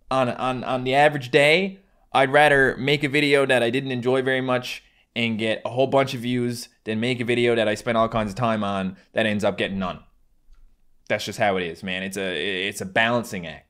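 Speaking at medium pitch with a fairly bright tone, a YouTuber in his twenties chats casually through questions from fans. He has a Newfoundland accent, comes from Newfoundland, Canada, and rambles and jokes using local expressions.

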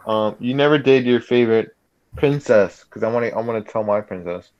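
Teen dude podcast cohost, chill and into it, kinda dull audio. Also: male voice, on the low side, a little fast, darkish tone. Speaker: podcast co-host. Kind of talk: casual chat.

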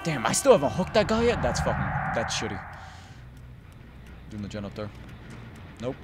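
Excitable trash-talking gamer man. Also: moderate pace, very noisy. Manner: mutters low, then bursts into loud taunting yells. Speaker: gaming YouTuber. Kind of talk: live gameplay commentary.

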